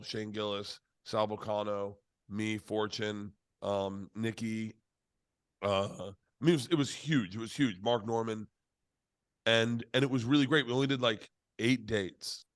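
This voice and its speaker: A middle-aged man telling stories in a casual interview, animated and profane, acting out the voices of people he quotes. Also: fairly low pitch, dry recording. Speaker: comedian being interviewed.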